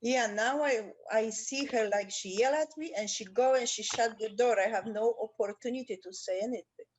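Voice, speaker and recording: A woman taking part in an online coaching session, speaking haltingly in non-native English and searching for words. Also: fairly high pitch, slightly rough. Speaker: coaching participant.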